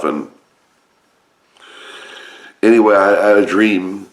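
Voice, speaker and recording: Low-voiced rambling man with a Roanoke accent. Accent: Roanoke, Virginia. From Roanoke, Virginia. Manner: rambling, halting, many restarts. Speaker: vlogger. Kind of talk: casual spoken monologue. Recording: roomy echoey room.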